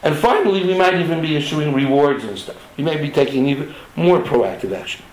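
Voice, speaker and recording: A man's voice: on the high side, animated, fairly quick, a little mellow, reverberant, low-quality recording. A man who runs a diamond trading network, making an impassioned, emphatic appeal to its members to stay honest.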